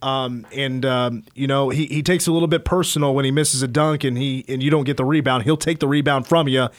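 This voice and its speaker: A man's voice: mid-range voice, steady tone, fairly quick, no room sound, studio quality. A man on sports talk radio, breaking down a college basketball recruit in a detailed, stat-heavy, conversational way.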